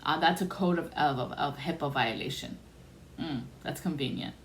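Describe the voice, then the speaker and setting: Her voice sits low and moves at normal speed as this podcast host recounts a personal story. She's blunt and casual, performing the voices of whoever she quotes, with faint noise behind her.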